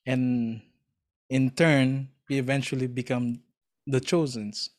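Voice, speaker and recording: A man in casual chat, telling a story earnestly and with enthusiasm, often pausing to search for words. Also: medium pitch, steady tone.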